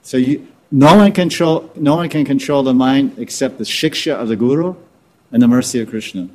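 A man's voice: mid-range voice, normal speed, darkish tone. A man teaching scripture informally, repeating and restarting words as he explains terms. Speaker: spiritual teacher.

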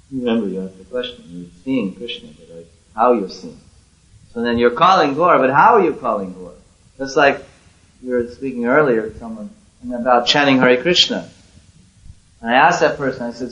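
A man delivers an earnest devotional lecture to a small group, rising to loud calls and dropping to hushed pleading. His voice sits in the middle range. The recording is roomy and a little dull. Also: mid-range voice. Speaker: spiritual teacher. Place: room with a small audience.

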